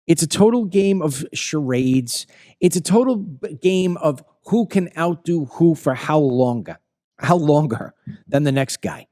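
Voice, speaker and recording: A man in his fifties with a Long Island accent hosts a heated opinion monologue. He talks in a somewhat high voice and hammers his points home by repeating them. The sound is dry, with no room echo. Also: expressive, a little slow, warm tone. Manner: emphatic, ranting, repeats phrases. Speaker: commentary show host.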